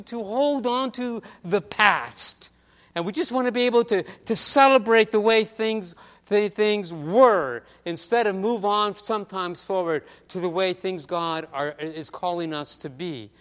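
High bright-voiced pastor in a reverberant hall. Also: male voice, clear, resonant tone. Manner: chatty, acts out scenes with voiced quotes. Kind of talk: conversational storytelling sermon.

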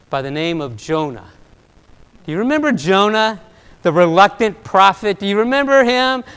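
High-voiced preacher in a reverberant hall. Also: male voice, smooth. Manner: animated storytelling, swings from loud to soft. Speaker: pastor. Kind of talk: sermon. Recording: long reverb of a large hall.

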